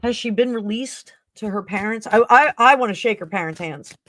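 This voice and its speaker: A woman's voice: on the high side, expressive, moderate pace, fairly bright tone, no room sound. Emotional tarot-reading woman, dry sound. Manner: emotional, effusive. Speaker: tarot reader and stream host. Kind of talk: live stream tarot reading.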